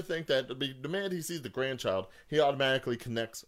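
A man co-hosting a casual podcast chat, ranting with big jumps in pitch when worked up. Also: fast, few pauses, fairly bright tone. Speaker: podcast co-host.

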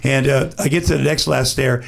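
A man telling an animated, profanity-laced anecdote as a podcast guest, acting out what others said. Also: medium pitch, brisk, vocal fry. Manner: acts out other people's lines. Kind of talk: casual storytelling.

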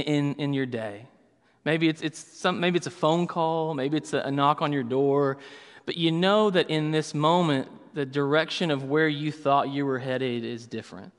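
Man pastor, slightly high voice, chatty storytelling sermon, big reverberant hall. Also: a bit bright. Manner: storytelling, casual asides with many fillers.

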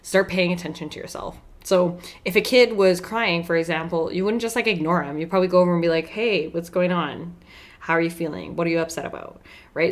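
A young adult woman hosting a podcast, talking casually and warmly about self-care, often checking in with "right?" and laughing between points. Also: lowish voice. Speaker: podcast host.

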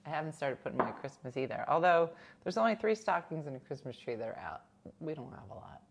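Reading chat and spinning stories on her casual home livestream, a woman laughs between lines and mimics other people with big swings in her somewhat low, creaky voice. She talks fast into a new desk mic, and background noise is audible.

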